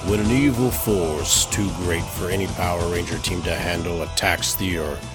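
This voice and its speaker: A man's voice: deep voice, normal speed. A man giving dramatic trailer-style intro narration. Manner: dramatic, announcing. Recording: narration over guitar music.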